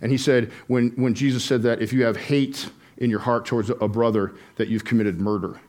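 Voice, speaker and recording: A middle-aged man preaching to a congregation, moving between a personal mission story and an earnest call to faith. His pitch is mid-range, and he talks in a loose, conversational way, with frequent ums and restarted phrases. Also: steady tone, brisk, a little mellow. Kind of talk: sermon testimony.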